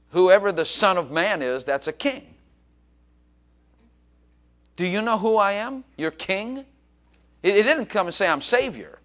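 A middle-aged man preaching a sermon, animated, acting out quoted voices and joking. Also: on the high side. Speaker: pastor.

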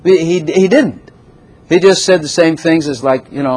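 A man preaching a sermon as a pastor, animated, with laughing asides and repeated phrases for emphasis. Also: fairly high pitch, normal speed, poor audio.

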